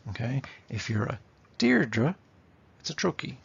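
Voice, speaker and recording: A man's voice: medium pitch, lively intonation, moderate pace, vocal fry, fairly bright tone, slightly rough, highs cut off. A man teaching literature in a lecture, explaining and tapping out rhythms aloud, often checking in with "okay?". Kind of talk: classroom lecture.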